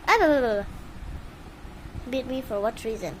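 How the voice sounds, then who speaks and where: A woman's voice: high-pitched, normal speed, fairly bright tone, a little hiss or hum, poor audio. A woman filming her pet bird at home on a handheld phone, cooing at it and scolding it in baby talk. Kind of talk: casual phone vlog talking to a pet. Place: indoors at home with a fan on.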